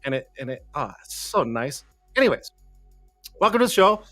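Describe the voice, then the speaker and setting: A man's voice: fairly high pitch, big pitch swings, normal speed, fairly bright tone, dry recording, clean studio sound. A man hosting a live-stream show in casual chat, rambling and cursing, joking at his own expense while fumbling with the setup. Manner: rambling, cussing, self-deprecating, jokey; flustered, talking to himself while fixing tech. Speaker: livestream show host. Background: faint background music.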